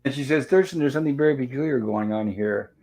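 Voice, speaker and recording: A man's voice: medium pitch, fast talker, creaky, a little mellow. A man hosting a casual recap show, retelling scenes and reading the characters' lines aloud in an easygoing way. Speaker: show host. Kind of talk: casual episode recap chat.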